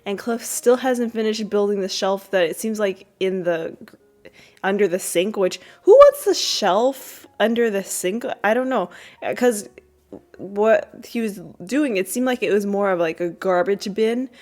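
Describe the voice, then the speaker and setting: A woman's voice: expressive, measured pace, darkish tone. Rambling woman podcast host recapping. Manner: rambling, many fillers and restarts; jumps high when quoting characters. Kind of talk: casual episode recap.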